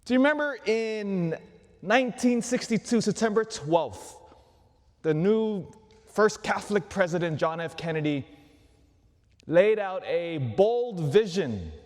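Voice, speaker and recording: A man, a Catholic priest, preaching a sermon in an animated way, full of rhetorical questions. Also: high voice, measured pace. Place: large church. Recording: long church reverb.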